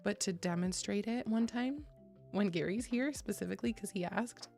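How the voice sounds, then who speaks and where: A woman's voice: mid-range voice, normal speed, gravelly, darkish tone. A young woman streaming, chatting casually with her viewers, swearing freely, laughing often and reading chat aloud. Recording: faint music behind.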